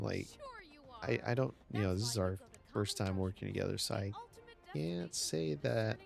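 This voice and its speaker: A man streaming a city-building game chats casually, telling a rambling story that keeps restarting, with faint game music underneath. His voice is on the low side, creaky and a little mellow, at a moderate pace.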